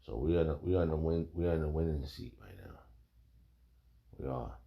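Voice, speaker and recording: Deep gravelly man preaching casually. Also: lively intonation, brisk, lo-fi sound. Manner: rambling and emphatic, fills lines with "man" and "bro". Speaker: informal preacher. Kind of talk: casual street preaching with scripture reading.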